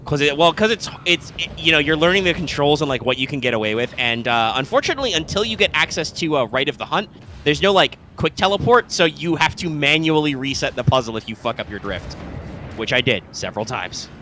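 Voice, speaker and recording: A man's voice: on the high side, lively intonation, fast talker, bright, forceful tone, a little hiss or hum. A man co-hosting a live gaming stream, chatting casually and rambling with lots of fillers, restarts and swearing. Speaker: co-host.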